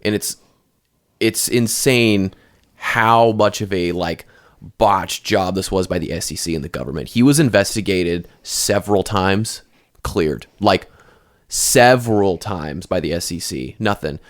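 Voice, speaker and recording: This podcast co-host has a low-sitting voice and an unhurried delivery. Chatting casually, he rambles, keeps starting over and swears often.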